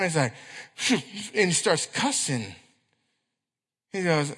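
A man preaching a sermon to young people in a church, telling stories with quick asides and acted-out quotes. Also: fairly high pitch, expressive, a bit bright. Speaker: youth pastor. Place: church hall. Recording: echoey church hall.

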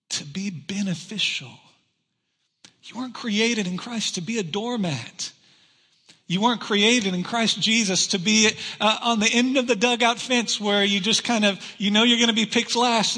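A man preaching a sermon to his church, telling stories conversationally and swinging between loud emphasis and hushed asides. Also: sits high, breathy edge. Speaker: pastor. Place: church sanctuary. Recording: long reverb of a large room.

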